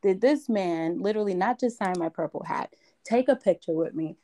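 A woman from Brooklyn, a podcast guest, excitedly retelling a story with emphatic repetitions. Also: mid-range voice, moderate pace. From Brooklyn, New York. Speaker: interview guest. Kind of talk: casual storytelling.

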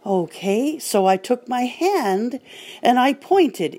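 A woman's voice: medium pitch, sing-song, normal speed, mellow, soft background music. An older woman hosting a podcast, telling stories in a casual, wry and dryly humorous way. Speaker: podcast host.

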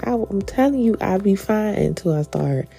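A woman's voice: mid-range voice, expressive, moderate pace, vocal fry, warm tone, soft background music. A laid-back woman hosting a podcast in casual chat, sounding stuffy and nasal from phlegm and laughing often. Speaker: podcast host.

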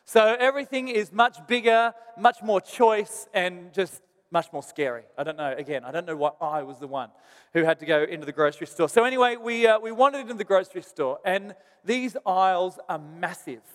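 A man's voice: sits high, expressive, brisk, big-room sound. A man, a pastor telling a self-deprecating story in a sermon.

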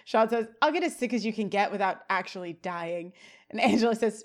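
A woman's voice: mid-range voice, fairly quick. A woman co-hosting a podcast, recapping an episode scene by scene and acting out the characters' lines with lots of laughter. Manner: animated, acts out the characters' lines while recapping, laughs often. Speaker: podcast co-host.

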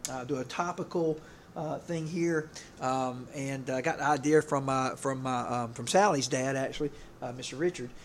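A middle-aged man, preaching a casual sermon in a rambling, halting way, full of fillers and restarts. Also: medium pitch, slight background noise. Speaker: pastor.

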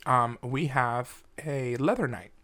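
A man's voice: medium pitch, slow pace, a crowd in the background. A man, a drag performer, chatting casually and playfully on a podcast, wandering off topic.

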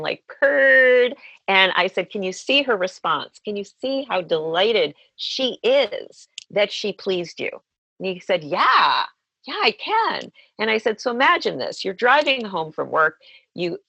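Low-voiced woman recounting a client case. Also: sharp tone, dry recording, highs cut off. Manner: recounts a client session, acting out both sides of the dialogue. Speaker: sex therapist. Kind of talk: storytelling in an interview.

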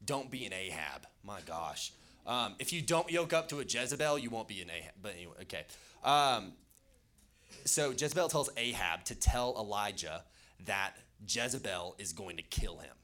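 A man's voice: fairly low pitch, expressive, moderate pace, sharp tone. A young man preaching a casual youth sermon, chatty and loose, with jokey asides and lots of fillers. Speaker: youth pastor.

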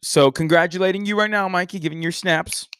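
A man's voice: high-pitched, steady tone, brisk, fairly bright tone, smooth, no room sound. A man hosting a casual sports podcast, joking and rambling through banter with his co-host. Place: Texas.

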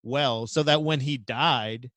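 On a podcast, a co-host with a mid-range voice speaks slowly as he spins rambling, profane stories in casual conversation. His delivery is animated, and there's no echo.

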